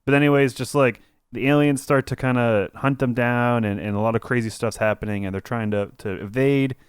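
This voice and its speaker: A man's voice: mid-range voice, steady tone, fairly quick, smooth, no echo, clean studio sound. A young man co-hosting a film podcast, chatting loosely and rambling, laughing easily. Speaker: podcast co-host. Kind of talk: casual film review chat.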